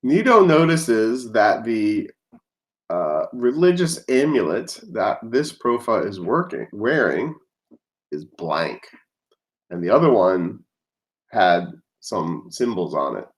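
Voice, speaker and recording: Man, game master, low voice, lively intonation, unhurried narration. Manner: unhurried, pausing to look things up.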